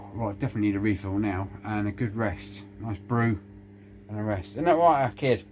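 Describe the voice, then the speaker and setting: A man's voice: fairly low pitch, moderate pace, a little mellow, a little hiss or hum. Chatty man in his shed. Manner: chatty, rambling, cheeky asides, muttering to himself. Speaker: workshop vlogger. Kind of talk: casual chat while working. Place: home workshop shed.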